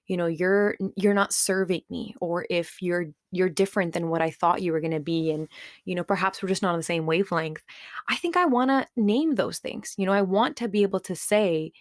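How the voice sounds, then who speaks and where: Candid woman podcaster, low and dry. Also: normal speed, no room sound. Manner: candid, self-reflective, conversational with many fillers. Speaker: podcast host. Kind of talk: reflective solo podcast monologue.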